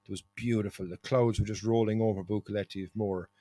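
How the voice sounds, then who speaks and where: Irish male podcast host, lowish voice, dry close sound, chatty storyteller. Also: fairly quick, dry recording. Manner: storytelling, animated, laughs often. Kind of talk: casual chat.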